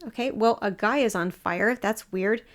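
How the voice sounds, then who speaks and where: A woman co-hosting a podcast, sarcastic and quick to argue. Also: medium pitch. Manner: sarcastic, argumentative. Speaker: podcast co-host. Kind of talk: casual chat.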